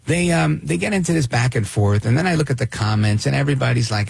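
Gravelly, husky male radio host. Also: mid-range voice, brisk, dry recording. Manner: animated, sardonic, plays clips and reacts. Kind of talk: opinionated talk radio monologue.

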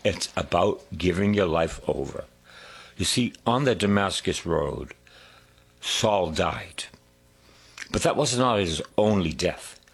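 A male preacher delivers a sermon at an unhurried pace. His voice is husky and swings widely in pitch, climbing high on emphatic phrases and sinking low and quiet elsewhere. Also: expressive. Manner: slow, drawn-out preaching with sung lines and hushed whispers.

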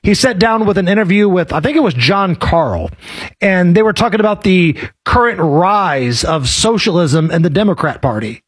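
A man hosting a casual political talk show, sardonic and quick to joke. His voice sits high and carries a husky edge. His pitch leaps around with lively swings. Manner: sardonic, jokey. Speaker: podcast host.

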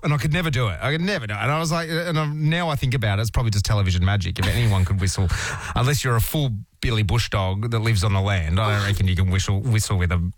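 A man's voice: on the low side, fast, no room sound, studio quality. A man with an Australian accent co-hosting a radio show in casual, jokey banter. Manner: jokey, animated, laughs often. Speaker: radio co-host.

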